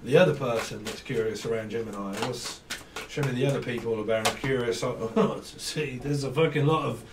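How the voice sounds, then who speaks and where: A man's voice: medium pitch, normal speed, far from the mic, background noise. A man in his forties from southern England with a Cockney accent, rambling and swearing with lots of laughter as he gives a tarot reading. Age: 40s. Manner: rambling, crude, laughing, slips into mimicked voices. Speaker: tarot reader. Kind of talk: casual tarot reading monologue. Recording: echoey room, voice away from mic.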